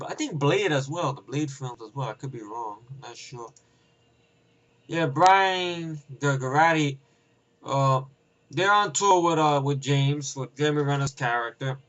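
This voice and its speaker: A man giving a casual, rambling film review, profane and excitable, acting out scenes with voices. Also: on the high side, poor audio. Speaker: movie reviewer.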